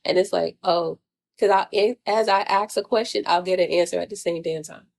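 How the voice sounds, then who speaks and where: A woman's voice: lowish voice, steady tone, normal speed, vocal fry. A woman vlogger, venting in a blunt, profane monologue full of repeated rhetorical questions. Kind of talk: casual spiritual venting monologue.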